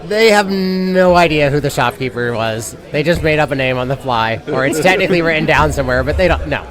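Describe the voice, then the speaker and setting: A man talks on a live festival panel, giving laid-back advice with the odd swear word. His voice sits a little high. A crowd chatters clearly behind him outdoors. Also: a little fast. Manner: relaxed, advisory, mildly profane. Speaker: veteran dungeon master guest. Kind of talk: casual panel chat.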